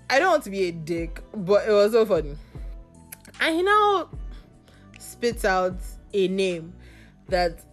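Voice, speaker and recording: A woman hosting a podcast, telling a story in a casual, gossipy way and swearing now and then. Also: medium pitch. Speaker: podcast host.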